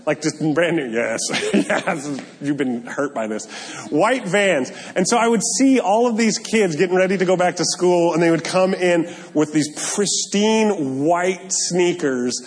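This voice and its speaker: A male pastor preaching a sermon, animated and joking, with self-deprecating asides. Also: sits high, measured pace. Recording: long hall reverb.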